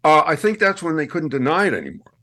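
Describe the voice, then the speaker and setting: Animated male storyteller on a radio show. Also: quick pace. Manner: animated storyteller, swings high for punchlines. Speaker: guest, podcast host. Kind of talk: casual radio chat.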